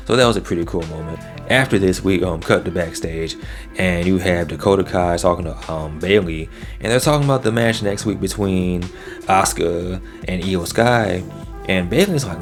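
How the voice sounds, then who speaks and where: A man's voice: low voice, a little fast, faint music behind. A man hosting his own channel, giving a casual, slangy recap of a wrestling show. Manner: laid-back and slangy, often drops "man" and "yo".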